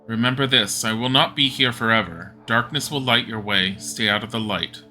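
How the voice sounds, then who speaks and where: A man's voice: medium pitch, pushed and bright, soft background music. A man giving a cryptic, ominous voice. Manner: slow, cryptic warnings. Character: cryptic mysterious male voice, ominous.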